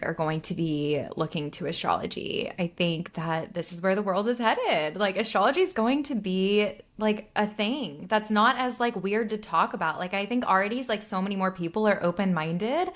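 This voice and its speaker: A young adult woman co-hosting a podcast in casual chat, talking in a relaxed way with many fillers and laughing at her own stories. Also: medium pitch, moderate pace, few pauses. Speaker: podcast co-host.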